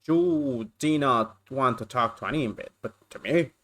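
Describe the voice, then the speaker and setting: A woman's voice: extremely low pitch, unhurried, background noise. A woman streamer giving casual, chatty playthrough commentary, talking to herself and to chat.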